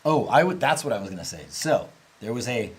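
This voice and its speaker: The audio is poor as a company representative hosts a relaxed livestream, his medium-pitched voice expressive and a bit quick. He answers questions in an open, rambling way, laughing readily.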